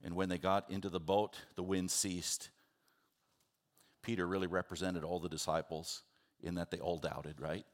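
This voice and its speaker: A man preaching a sermon, earnest and animated, acting out the people in his stories. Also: low voice, moderate pace. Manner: earnest, animated, acts out the disciples in quotes. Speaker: pastor.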